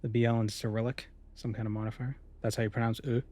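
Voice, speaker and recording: With a lowish, dark-toned voice, a man talks quickly and evenly while streaming a game. He keeps the chat casual, reading out comments from viewers before responding to each.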